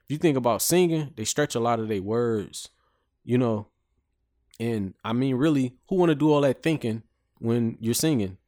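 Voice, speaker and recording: A man's voice: medium pitch, moderate pace, a little mellow, no room sound, clean studio sound. A man co-hosting a casual podcast chat, laid-back, often asking "you know what I'm saying.". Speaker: podcast co-host.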